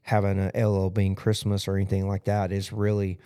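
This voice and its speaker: A pastor recaps his sermon casually for a podcast, rambling loosely and leaning on frequent "you know" fillers. His voice is low, mellow, and monotone with a clean tone, and he talks fairly quickly.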